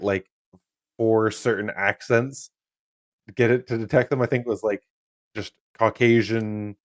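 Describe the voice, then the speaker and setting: A man's voice: lowish voice, dry recording, studio quality. A young man co-hosting a podcast in casual chat, laid-back, laughing often and swearing freely. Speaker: podcast co-host.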